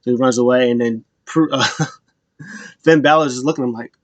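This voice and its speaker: A man's voice: mid-range voice, fairly even intonation, moderate pace, no room sound. A man giving a casual, rambling wrestling recap and acting out what people said. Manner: loose, rambling retelling that acts out quotes.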